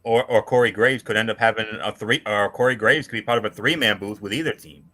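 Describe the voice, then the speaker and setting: Lower-voiced man with a bright edge. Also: fast talker. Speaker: wrestling podcast host. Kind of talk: casual chat.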